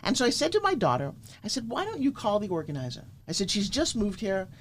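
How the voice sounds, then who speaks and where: A middle-aged woman from Florida, a guest pitch coach telling motivational stories emphatically and acting out quoted lines. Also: quick pace, slight background noise. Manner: emphatic, animated, acts out quotes. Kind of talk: energetic motivational storytelling.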